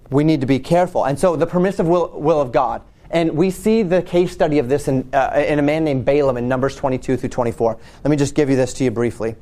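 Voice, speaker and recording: A pastor with a medium-pitched, darkish voice preaches a sermon, retelling a Bible story loosely and conversationally. He restarts often and repeats himself as he tells it.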